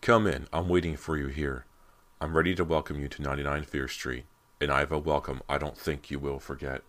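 A man's voice: a bass voice, level tone, brisk, a bit bright. A man voicing a vengeful dead girl's ghost in a storybook reading, eerie and inviting. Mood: menacing. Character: vengeful dead girl ghost haunting house.

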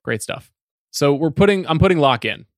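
A man hosting a film podcast, steering the discussion in a measured, casual way. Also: fairly high pitch, lively intonation, no room sound, studio quality. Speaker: podcast host. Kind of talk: casual film-review chat.

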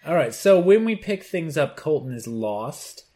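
A male podcast co-host talks in a relaxed, casual way. He keeps slipping in dry, joking asides as he chats with his co-host. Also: on the high side, measured pace. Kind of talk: casual chat.

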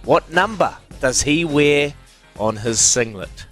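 A New Zealand man runs a radio quiz with callers, joking and laughing as he goes. His voice sits a little high and swings widely in pitch. A soft music bed plays under the studio talk. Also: lively intonation, slow. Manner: joking, laughs often, calls callers mate and brother. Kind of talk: casual radio banter.

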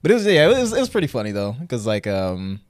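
Podcast guy rambling thru a story, smooth voice, lotta "like"s, dry close mic. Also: on the low side, huge pitch swings, quick pace, dry recording. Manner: laughing storyteller, many fillers. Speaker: podcast co-host. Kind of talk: casual chat.

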